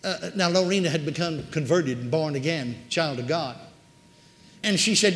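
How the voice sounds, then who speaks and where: High-voiced preacher in an echoey hall. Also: male voice, moderate pace. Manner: dramatic, swings from hushed to loud. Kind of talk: storytelling sermon.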